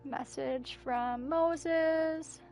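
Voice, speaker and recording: A woman's voice: high voice, steady tone, very slow, a little mellow, soft background music. A woman streaming a game and reading its messages and journal entries aloud as narration, with breathless asides. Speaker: gameplay streamer. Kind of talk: reading game texts aloud during a playthrough.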